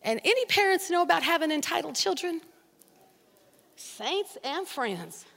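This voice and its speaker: Animated woman pastor preaching. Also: very high voice, measured pace, gravelly. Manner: animated storytelling, rising to shouts. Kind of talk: sermon. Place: large church hall. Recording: long hall reverb.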